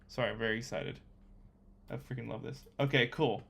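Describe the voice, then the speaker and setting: A young man talking to himself while coding, thinking aloud with excitable, chatty commentary. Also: mid-range voice, moderate pace, creaky. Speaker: coding vlogger. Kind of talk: casual screen-recorded coding commentary.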